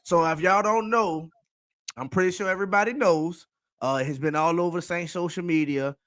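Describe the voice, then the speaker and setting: A man, co-hosting a sports podcast and hyping up viewers with slangy shout-outs. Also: high-pitched, normal speed, dry recording, studio quality. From New Orleans. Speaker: podcast co-host. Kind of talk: casual sports podcast chat.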